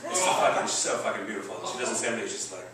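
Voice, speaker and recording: A man's voice: on the low side, steady tone, racing, a loud crowd. A man in his forties telling a rambling, profane, self-deprecating story on stage in front of a live audience. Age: 40s. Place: stage in a comedy venue. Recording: roomy, distant live venue recording. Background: audience laughter.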